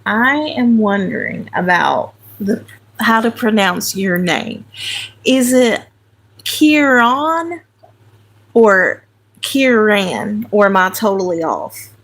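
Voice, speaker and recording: Country woman host, relaxed unhurried live chat, a touch of vocal fry. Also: mid-range voice. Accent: American country. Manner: chatty, talks to viewers by name, self-correcting. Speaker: livestream host. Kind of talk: casual live chat while sorting crayons.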